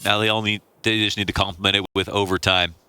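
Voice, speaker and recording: A man giving live esports color commentary, animated and incredulous in his analysis. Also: on the low side, fast, clean tone, no echo.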